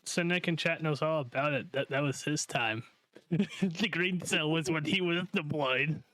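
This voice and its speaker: A man's voice: on the high side, measured pace, bright, forceful tone, no echo. A man co-hosting a podcast, asking questions in a laid-back, casual way. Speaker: podcast co-host.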